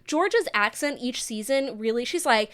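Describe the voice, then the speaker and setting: A woman's voice: on the high side, expressive, normal speed, a bit bright, a little hiss or hum. A woman in her twenties from the American Midwest, co-hosting a podcast in casual, gushing chat. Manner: chatty, gushing, quotes herself. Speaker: podcast co-host.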